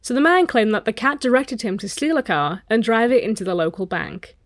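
A woman's voice: fairly high pitch, animated, fairly quick, dry recording, studio quality. A woman co-hosting a podcast, telling a story in a joking, casual way and swearing now and then. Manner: jokey, swears, acts out silly voices. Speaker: podcast co-host.

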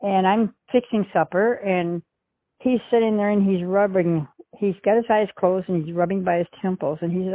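A woman's voice: medium pitch, moderate pace, dry recording, highs cut off. A middle-aged woman recounting a past event as an interview witness, rambling along and acting out the dialogue she quotes. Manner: rambling storyteller who acts out quoted dialogue.

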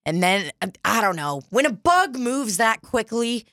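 A woman's voice: on the high side, a little slow, no echo, clean studio sound. A woman co-hosting a podcast in casual chat, telling stories animatedly, with lots of swearing and acted-out quotes. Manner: animated storyteller, swearing, acting out quoted voices. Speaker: podcast co-host.

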